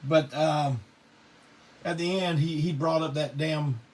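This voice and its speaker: A middle-aged man, hosting a live online show and telling stories casually, salty and quick to laugh. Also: on the high side, steady tone, darkish tone. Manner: laid-back Southern drawl, salty, laughs often. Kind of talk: casual storytelling to a live audience. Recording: distant mic with faint background noise.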